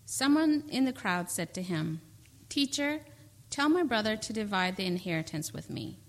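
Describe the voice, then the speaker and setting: A woman reading a scripture passage aloud in a steady, measured way before a sermon. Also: medium pitch. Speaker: scripture reader.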